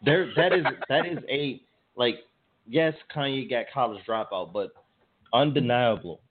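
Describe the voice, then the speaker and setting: A man co-hosting a casual radio show, slangy and emphatic, talking over his partner with excitement. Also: mid-range voice, measured pace, a little hiss or hum. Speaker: podcast co-host. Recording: phone-like narrow sound.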